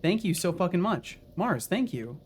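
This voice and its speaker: A man's voice: high voice, big pitch swings, normal speed, slight background noise. Swearing male game streamer. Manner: swears often, talks to chat while playing. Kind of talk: casual live-stream gaming chat.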